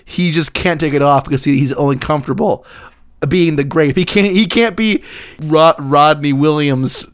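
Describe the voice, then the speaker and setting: A man's voice: on the high side, normal speed, clean tone. A young man co-hosting a comedy podcast, riffing crude jokes and laughing often. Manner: laughing, riffing, swearing, silly bits. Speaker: podcast co-host.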